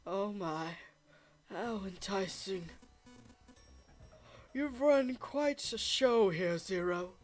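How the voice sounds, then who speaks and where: Woman doing a creepy polite old guy, real slow mocking drawl. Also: mid-range voice, lively intonation, soft background music. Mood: taunting. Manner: slow, taunting, polite menace. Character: smug cruel older man, calm and mocking.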